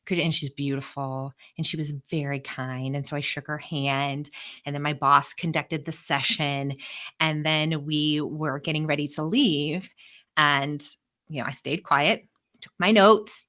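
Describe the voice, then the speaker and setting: An expressive woman speaker telling a story to a room of listeners. Her voice sits low but has a bright, forceful edge. She talks with lively, animated energy. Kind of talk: storytelling talk to a live group.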